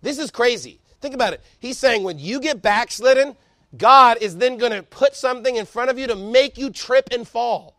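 A man preaching a sermon with fervor, reading scripture quickly and building up to shouting. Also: very high-pitched, no echo, studio quality. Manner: fervent preaching, rising to shouts; reads scripture aloud quickly. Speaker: pastor.

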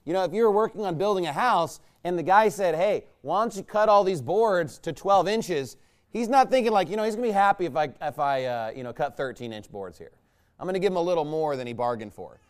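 This pastor delivers a folksy, rambling, conversational sermon, checking in with the congregation through rhetorical questions. His voice is on the high side, expressive and clean, and he moves at a quick pace.

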